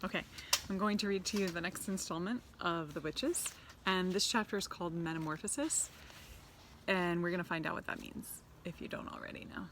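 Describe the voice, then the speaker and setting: A woman reads a children's novel aloud in a relaxed way, breaking off to chat with her young listeners. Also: on the low side, a little fast, background noise. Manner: relaxed, with chatty asides to children. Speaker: storybook reader.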